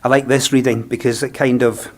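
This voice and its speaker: A man with a Scottish accent, a funeral celebrant speaking a eulogy in a gentle, reflective, unhurried way. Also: mid-range voice, little pitch movement.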